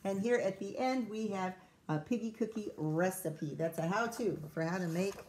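A woman teacher reading a storybook aloud to children, pausing to chat and ask them questions. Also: mid-range voice, a little mellow, a little hiss or hum. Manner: chatty, asks children questions.

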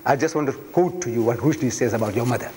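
A man's voice: mid-range voice, fast talker, a little mellow, slight background noise. A man giving a public lecture, emphatic and rhetorical, repeating phrases for effect. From South Africa. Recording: long reverb of a lecture hall.

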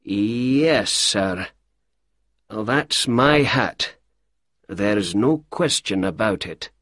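A man voicing a grey-haired, down-on-his-luck gentleman who speaks slowly, quietly and carefully for a storybook reading. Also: fairly low pitch, expressive, dry recording, studio quality, full character voice. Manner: slow, quiet, careful speech.

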